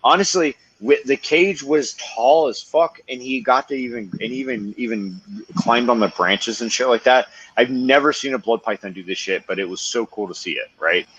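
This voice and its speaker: An excitable man hosting a podcast, talking in casual chat, swearing a lot and laughing often. His voice is bright and forceful, close and dry on the mic, with a slightly dull, muffled sound. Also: mid-range voice, moderate pace, hardly any pauses, husky, no echo. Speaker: podcast host, reptile keeper.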